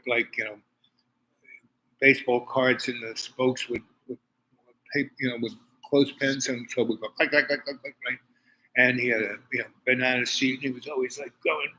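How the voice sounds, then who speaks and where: Bright-voiced man telling rambling stories. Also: mid-range voice, slight background noise, low-quality recording. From Harlem, New York. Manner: digressive storytelling with many restarts and asides. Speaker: host. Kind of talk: rambling personal monologue.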